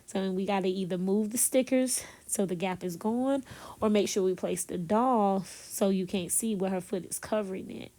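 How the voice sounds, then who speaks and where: Vrouw die zacht en kletserig vertelt. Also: female voice, mid-range voice, normal speed. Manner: chatty, laughs at herself, addresses viewers directly; talks softly so as not to disturb someone nearby. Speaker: planner vlogger. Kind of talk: casual voiceover chat. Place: bedroom at home.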